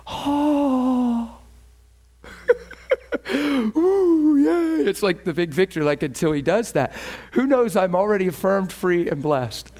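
A male pastor delivering a sermon, telling a personal story with frequent laughter and voicing quoted people. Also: high voice. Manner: animated, laughs often, voices quoted people.

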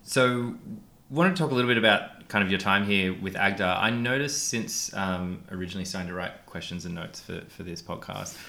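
A man hosting a podcast, asking his guest measured questions and giving brief encouraging responses. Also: deep voice, creaky, bright, forceful tone. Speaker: podcast host. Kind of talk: interview questions.

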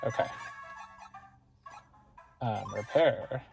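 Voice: mid-range voice, drawn-out words, gravelly, darkish tone, faint music behind. A let's play gamer giving casual, rambling commentary on their gameplay and often correcting themselves. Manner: rambling, self-correcting, chatty.

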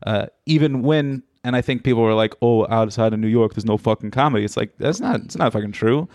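A young man from Texas, a comedian guest in a casual podcast chat, animated, laughing often and swearing freely. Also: mid-range voice, fast, dry recording, studio quality.

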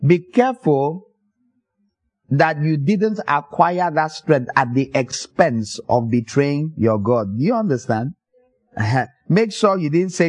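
A man preaching a sermon, telling stories in an animated way and acting out the people in them. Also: a little high, unhurried, no room sound, low-quality recording. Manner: animated storytelling, acts out voices with laughter.

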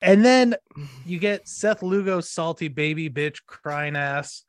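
A man's voice: a little high, slow pace, no room sound. Gloating man, dry close sound. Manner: gloating, profane, mocking. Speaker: podcast co-host. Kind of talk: casual sports talk.

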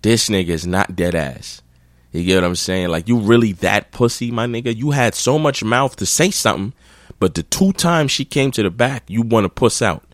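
A man's voice: mid-range voice, lively intonation, brisk, no room sound, studio quality. A man hosting his own podcast, telling a rambling, profane anecdote in a blunt, casual way. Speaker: podcast host. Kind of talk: casual storytelling.

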